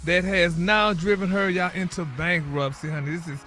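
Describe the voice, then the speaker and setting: A man's voice: high-pitched, normal speed, bright, forceful tone. A man hosting a radio morning-show gossip segment, chatty and peppering every phrase with "honey" and "y'all". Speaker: celebrity gossip segment host.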